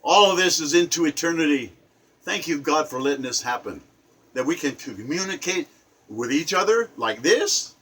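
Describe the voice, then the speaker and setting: A man speaking as a poet in an impassioned, angry rant to camera, swinging between loud outbursts and low murmurs. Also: lively intonation, moderate pace, slightly rough.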